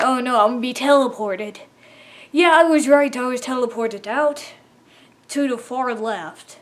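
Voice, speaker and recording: A woman with a slightly high voice tells a casual gaming story. She talks in an animated way, laughs often and acts out her own shouted reactions as she goes. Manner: animated, laughing, quoting herself in exclaims.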